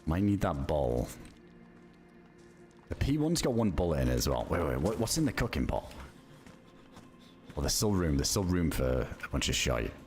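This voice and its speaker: A man's voice: extremely low pitch, sing-song, fairly quick, a little mellow, faint music behind. A man giving loose, profane, casual commentary while streaming a game.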